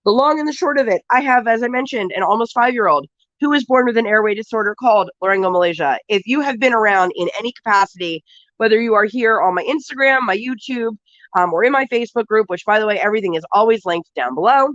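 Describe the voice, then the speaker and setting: A woman's voice: on the high side, fast, dry recording, highs cut off. Chatty sick woman hosting a live stream. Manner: chatty, greets viewers one by one with bursts of excitement. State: sick with a cold, sniffly. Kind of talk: casual live stream chat.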